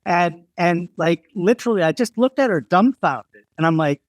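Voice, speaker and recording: A man's voice: sits high, animated, moderate pace, hardly any pauses, no room sound, studio quality. An American man hosting a podcast interview, telling rambling stories with many restarts. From United States. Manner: rambling storyteller with frequent restarts. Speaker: podcast host. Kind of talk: casual interview conversation.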